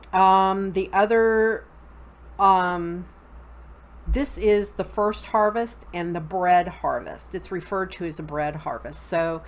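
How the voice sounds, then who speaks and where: A middle-aged woman hosting a casual spoken lesson on Wicca, relaxed and full of fillers, often checking in with "okay?". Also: on the low side. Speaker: host teaching a Wicca course.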